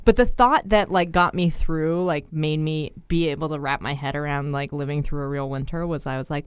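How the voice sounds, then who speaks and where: A young woman co-hosting a podcast in a casual chat. Her voice is smooth and clear, and it sits close and dry. She is chatty, laughs often and scatters "like" through her sentences. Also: low voice, steady tone, fairly quick, few pauses, no echo. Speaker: podcast co-host.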